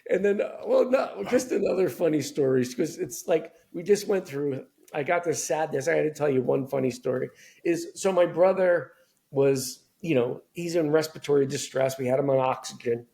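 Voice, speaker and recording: A middle-aged man telling candid family stories as a podcast guest, animated, acting out voices of relatives. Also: on the high side, moderate pace, vocal fry. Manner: animated storyteller, acts out family members' voices. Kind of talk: candid storytelling conversation.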